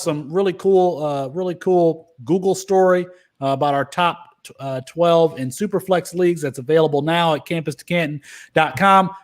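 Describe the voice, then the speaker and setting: A man's voice: high voice, fairly bright tone. A man hosting a sports podcast, introducing questions and wrapping up the show in an upbeat way. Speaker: podcast host. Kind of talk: casual podcast chat.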